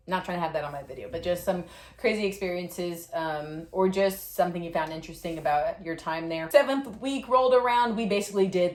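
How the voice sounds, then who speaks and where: A young woman in her twenties casually telling stories and giving tips about basic training, chatty and animated with lots of fillers. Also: medium pitch. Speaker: vlogger sharing Air Force basic training experience. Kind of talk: casual storytelling and tips to camera. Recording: echoey room.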